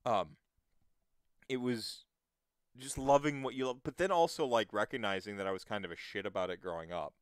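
Rambling man with a smooth, dry voice. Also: on the low side, brisk, no room sound. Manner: rambling, many restarts and fillers, swears freely. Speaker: podcast host. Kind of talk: casual podcast chat.

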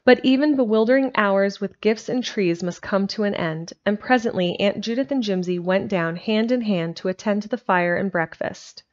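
A woman's voice: mid-range voice, normal speed, few pauses. Woman reading an old storybook aloud. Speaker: narrator. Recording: dull lo-fi home recording.

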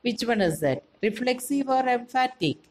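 A woman with an Indian English accent teaching a grammar lesson to children, explaining slowly and clearly and asking them questions. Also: a little high, animated, low-quality recording.

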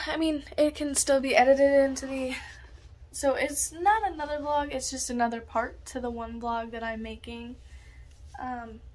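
A young woman in her college dorm room, chatting casually to a phone camera in a scatterbrained, ranting way, swearing now and then. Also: sits high. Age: young adult. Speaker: vlogger. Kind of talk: casual vlog chat.

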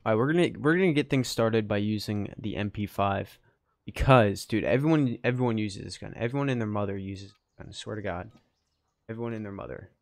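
A young man doing casual gameplay commentary on his own gaming channel, rambling softly in the intro, then laughing and calling out excitedly. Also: lowish voice, a little fast, creaky, no room sound. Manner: excitable, laughing, lots of "dude" and "yo"; soft-spoken and rambling in the intro. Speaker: gaming YouTuber.

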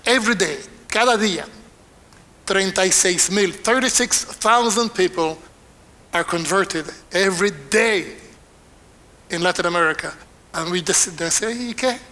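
High, bright-voiced older bilingual preacher. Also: male voice, moderate pace, long pauses. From Panama. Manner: switches between Spanish and English line by line, animated. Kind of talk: bilingual sermon.

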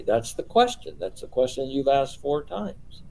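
A man's voice: mid-range voice, big pitch swings, unhurried, creaky, a little mellow, rough recording. A man leading a small-group Bible study, explaining patiently and posing rhetorical questions.

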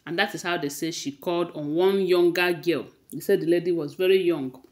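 A woman's voice: lowish voice, a little fast. A woman with a Nigerian accent casually retelling celebrity gossip, with frequent hesitations and restarts. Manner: hesitant, many fillers and restarts, conversational retelling.

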